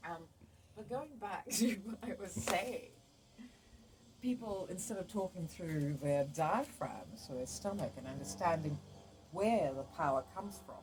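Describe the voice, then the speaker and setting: A woman's voice: on the low side, lively intonation, normal speed, poor audio. A woman with a British accent, chatting casually and frankly as a podcast host, often laughing as she rambles. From England. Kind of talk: casual chat. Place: outdoors at home, laundry in the sun.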